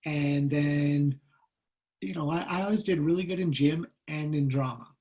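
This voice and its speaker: A middle-aged man with a slightly raised pitch tells a personal story to an online audience. He speaks in an animated way and slips into the voices of the people he quotes. The sound comes through a video call. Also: moderate pace. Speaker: guest speaker.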